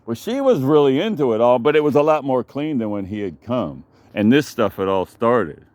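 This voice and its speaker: A man's voice: mid-range voice, sing-song, normal speed, a little mellow, no echo. Man, casual vlog, rambling, profane, digressive, outdoors in a backyard.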